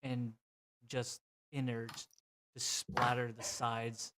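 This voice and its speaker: A man's voice: medium pitch, little pitch movement, takes it slowly, bright, forceful tone, a little hiss or hum. A man narrating a tabletop role-playing game as game master, describing scenes vividly with frequent fillers.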